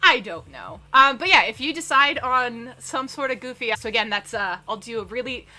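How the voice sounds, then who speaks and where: A bright, forward-sounding young woman with a Southern US accent talks through her live stream. She rambles, reads out chat messages and pokes fun at herself, with faint music underneath. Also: on the high side, lively intonation, normal speed. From Southern United States. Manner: chatty, rambling, self-deprecating, reads chat aloud.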